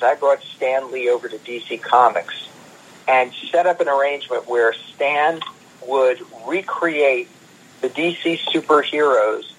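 A man, a guest comics producer, telling animated stories in an interview and repeating words as he goes. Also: mid-range voice, slightly rough, rough recording. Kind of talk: anecdotal interview storytelling.

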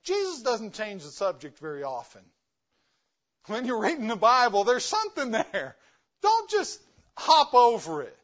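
A man's voice: extremely high pitch, wildly swooping pitch, unhurried, lo-fi sound. A man, a guest missionary preacher, giving an emphatic sermon full of rhetorical questions. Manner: emphatic, rhetorical questions, varies loudness for stress. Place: church.

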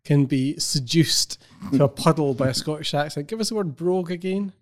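A man with a slightly high voice hosts a podcast in casual chat. He talks in a dry, wordy way, gently mocking his co-hosts. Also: fairly quick, a little hiss or hum. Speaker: podcast host.

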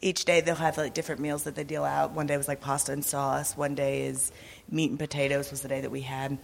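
A woman who has lost her voice, speaking hoarse and raspy in a chatty church presentation about a mission trip, often laughing. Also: low voice, flat delivery, fairly quick. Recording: echoey hall.

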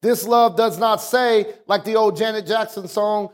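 A male pastor preaching a sermon, calling out to the congregation and stretching out words for emphasis. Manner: preaching with call-outs to the congregation; swings from low explaining talk to raised, drawn-out emphasis.

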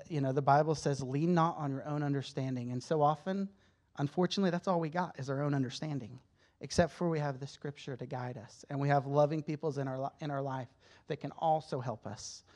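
This man speaks to a church in a candid, conversational sermon-style testimony, sometimes emotional and often restarting his sentences. His pitch is fairly high, his tone darkish, and his speed normal.

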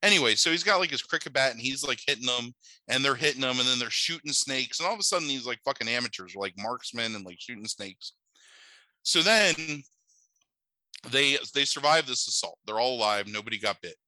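A man's voice: mid-range voice, expressive, brisk, pushed and bright, no echo, rough recording. A man casually recapping a bad movie, rambling, swearing and disbelieving, with many filler "like"s. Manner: rambling, profane and incredulous, heavy on "like".

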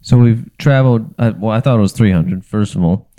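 Man, podcast guest, low voice, warm mellow tone, hesitant, deadpan. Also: fairly quick. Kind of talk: casual chat.

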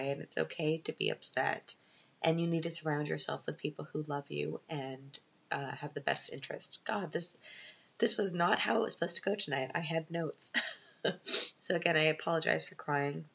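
Tearful woman with a low, bright voice. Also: vocal fry, highs cut off. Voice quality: unscripted, hesitant with many ums. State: tearful, emotional. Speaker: podcast host. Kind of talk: personal podcast monologue. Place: Vienna.

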